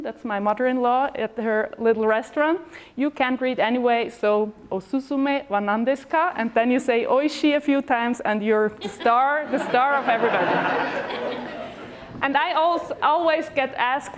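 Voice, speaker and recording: In an event hall, a lively woman with a high voice gives a brief presentation as a speaker at a talk event. She chats her way through it, using fillers and restarting sentences.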